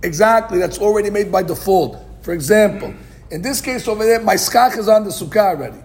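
A man's voice: high voice, brisk. A man teaching a daily Talmud class, reading the Aramaic text and explaining it in English, asking questions and answering them himself. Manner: animated, asks and answers his own questions. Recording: podcast recording of a live class.

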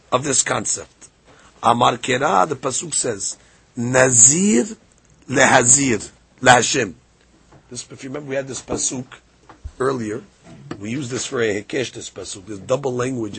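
Gravelly, husky man teaching Talmud. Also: mid-range voice. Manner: quotes the text in Aramaic and explains it in English, lively. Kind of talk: daily Talmud class podcast.

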